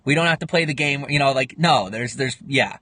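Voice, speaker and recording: A man's voice: medium pitch, a little fast, pushed and bright, no echo. A man in his twenties chatting casually on a livestream, rambling as he answers viewer comments. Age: 20s. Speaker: livestream host. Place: home livestream, in Pennsylvania.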